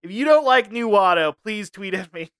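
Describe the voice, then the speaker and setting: A man's voice: high voice, expressive, normal speed, a bit bright, clean tone, no room sound. A man co-hosting a comedy podcast, laughing often and ranting in mock seriousness. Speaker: podcast co-host. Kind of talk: casual comedy chat.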